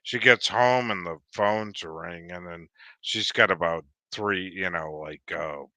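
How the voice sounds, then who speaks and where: A man with a deep, clear, bright-edged voice tells a long story in loose, casual chat. He swears freely and keeps stopping to restart his sentences. The sound is dry and close. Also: unhurried, dry recording. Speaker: guest.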